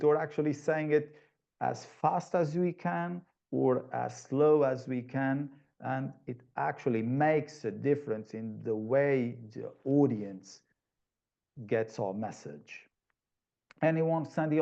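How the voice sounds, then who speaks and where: A man's voice: mid-range voice, a little slow, creaky, mellow, highs cut off. A man giving a webinar presentation, explaining at length with frequent restarts over a video call. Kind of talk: online presentation talk.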